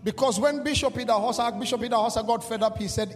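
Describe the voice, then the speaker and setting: A man preaching a sermon, shifting from quiet storytelling to shouted, repeated declarations with call-and-response. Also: very high-pitched, quick pace. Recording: reverberant hall with music behind.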